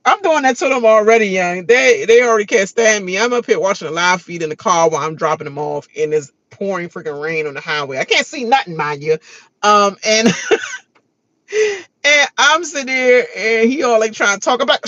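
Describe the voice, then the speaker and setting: Woman, reaction-video host, bright edgy voice, animated and chatty, dull lo-fi sound. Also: medium pitch, moderate pace, dry recording. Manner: animated, laughing, mock-quoting others; loose casual grammar. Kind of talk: casual reaction rant.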